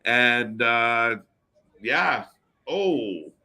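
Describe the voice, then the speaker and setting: Bright-voiced chatty male stream co-host. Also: mid-range voice, drawn-out words. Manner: chatty, fillers, animated reactions. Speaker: co-host of a wrestling watch party stream. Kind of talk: casual live reaction chat.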